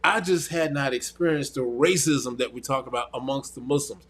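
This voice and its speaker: A man's voice: mid-range voice, steady tone, normal speed. Earnest man telling his story. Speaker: guest. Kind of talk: casual personal storytelling.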